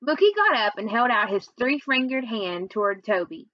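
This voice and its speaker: A woman teacher reading a children's novel aloud, pausing on fillers as she recaps and then reading on evenly. Her voice is fairly high. The recording is dry and a little dull. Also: animated, dry recording. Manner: recaps with many fillers, then reads steadily.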